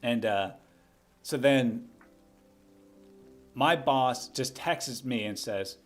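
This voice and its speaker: A young man hosting a livestream, telling a story in a loose, rambling way, doubling back and restarting his sentences often. His voice sits in an ordinary middle pitch, with a little music playing faintly underneath. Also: drawn-out words. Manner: rambling, with many restarts and asides. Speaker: livestream host.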